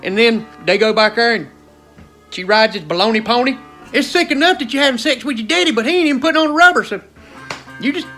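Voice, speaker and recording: A man's voice: very high-pitched, lively intonation, quick pace, sharp tone, soft background music. A male comedian with a South Carolina accent doing a stand-up rant in an exasperated, rowdy drawl.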